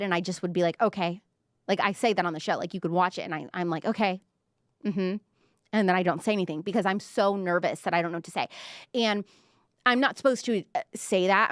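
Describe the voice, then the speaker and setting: A woman's voice: fairly low pitch, dry recording, clean studio sound. A young woman hosting a pop culture show, talking casually and self-deprecatingly with lots of fillers and playful quoted voices. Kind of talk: casual chat to camera.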